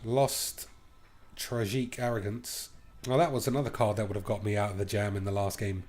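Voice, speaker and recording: Lowish-voiced man, gaming host, cheeky and crude, thinking out loud through a card match. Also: flat delivery, moderate pace. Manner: playful and crude, thinking aloud. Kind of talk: live card game commentary.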